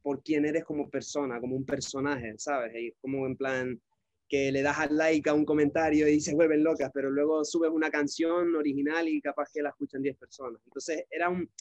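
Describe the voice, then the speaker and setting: A man's voice: fairly high pitch, quick pace, no room sound, highs cut off. Laid-back british-accented young man. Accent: British English. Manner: relaxed, chatty storyteller, many fillers. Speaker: musician guest. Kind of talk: casual interview chat.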